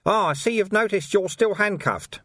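A man voicing a calm, dryly amused and friendly older man in an audiobook. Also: sits high, normal speed, dry recording, clean studio sound, voice pushed up. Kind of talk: audiobook character voice.

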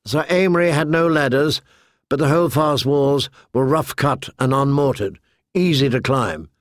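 A man narrating a story in a measured, deliberate way into a close studio mic. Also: mid-range voice, no room sound. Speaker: audiobook narrator. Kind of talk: scripted narration.

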